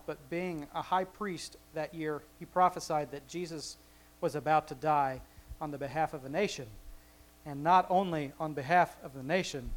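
A man reading scripture aloud and explaining it in a relaxed, conversational teaching style, with chuckling asides and frequent restarts. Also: on the high side, low-quality recording. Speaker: Bible teacher. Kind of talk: casual Bible study teaching.

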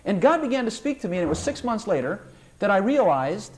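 Lively older male preacher. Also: brisk. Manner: animated, rising to high emphatic tones, acts out prayers and voices. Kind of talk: sermon.

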